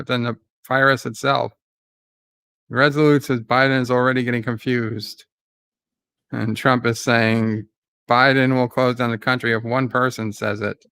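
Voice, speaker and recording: A man giving live commentary on a debate. He paraphrases the speakers, reads out viewer chat and gets excitable at times. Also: medium pitch, gravelly, clean tone, dry recording.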